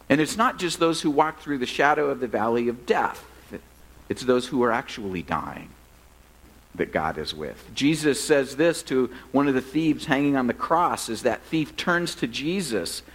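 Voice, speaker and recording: Husky, animated male pastor preaching. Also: medium pitch, low-quality recording. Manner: conversational and self-deprecating, joking with the congregation; earnest, softening to a quiet prayer. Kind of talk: sermon. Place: church service.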